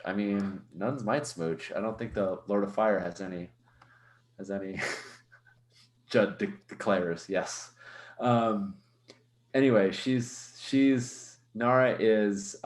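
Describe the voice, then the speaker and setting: A man with a very low voice narrating his character in a tabletop game, rambling and hesitant as he goes. His voice echoes in the room around him. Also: takes it slowly. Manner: rambling, hesitant, many fillers. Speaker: player.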